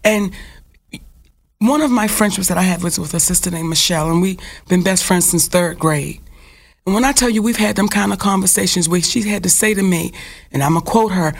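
A woman's voice: lowish voice, moderate pace, creaky. A woman, telling a personal story frankly and with profanity in casual talk.

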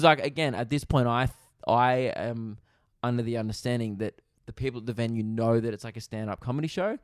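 A man's voice: medium pitch, no echo, studio quality. A young man, a comedian hosting his own podcast, telling a rambling, self-mocking story in a casual chat, quoting people along the way.

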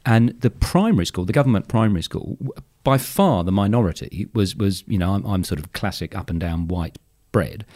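A middle-aged man from England, hosting a casual chat and telling lively anecdotes. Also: deep voice, fairly quick. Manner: animated storyteller, acts out voices in anecdotes. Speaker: podcast host.

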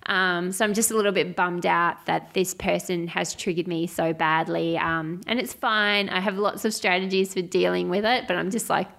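A woman co-hosting a podcast in casual chat, candid and quick to laugh, with frequent fillers. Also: fairly low pitch, steady tone, gravelly, fairly bright tone. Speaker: podcast co-host.

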